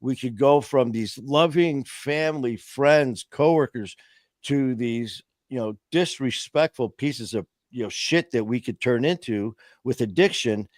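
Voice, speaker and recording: A man hosts a casual talk stream with impassioned, rambling storytelling. His voice sits at an ordinary middle pitch, and the filler words keep piling up. The sound is dry and close, with no room echo. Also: measured pace. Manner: impassioned, rambling, heavy with "you know" fillers. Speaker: host of a recovery talk stream.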